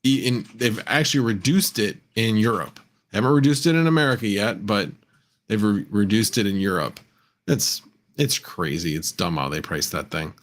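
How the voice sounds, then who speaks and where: Rambling low-voiced man hosting a livestream. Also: animated, moderate pace. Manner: rambling, self-correcting, chuckles often, reads chat aloud. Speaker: livestream host. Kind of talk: casual livestream chat.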